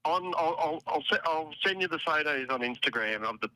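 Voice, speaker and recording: A man's voice: on the high side, animated, fairly quick, sharp tone, no echo, poor audio. An Australian man calling into a live stream, with dry, teasing banter. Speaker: caller. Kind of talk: casual phone call-in.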